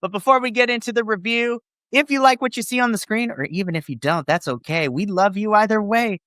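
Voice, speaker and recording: A man hosting a casual wrestling review podcast, playful and jokey with quick asides. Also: high-pitched, pushed and bright, dry recording, studio quality. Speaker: podcast host.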